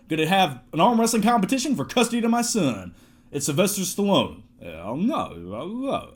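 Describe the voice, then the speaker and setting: A man in his twenties talking casually to camera, reviewing his movie collection in a jokey, excitable way. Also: sits high, moderate pace. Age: 20s.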